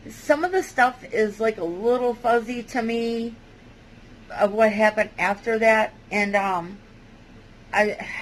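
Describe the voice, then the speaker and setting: Halting woman telling a personal story. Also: medium pitch, slight background noise, rough recording. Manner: halting, hesitant, with many fillers and restarts. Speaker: vlogger. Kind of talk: personal testimony.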